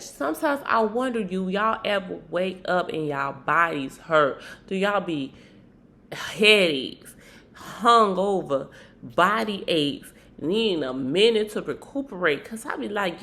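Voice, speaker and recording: A woman casually recapping a reality show in an animated, slangy, gossipy way. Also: medium pitch, gravelly. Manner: animated, slangy, slips into acted quotes.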